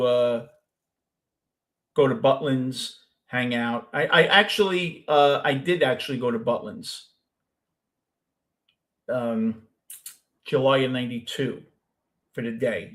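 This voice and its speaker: A man's voice: medium pitch, fairly bright tone. A man with a Brooklyn accent who hosts a show, chatting casually with a caller and telling long, rambling stories with many restarts. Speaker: host.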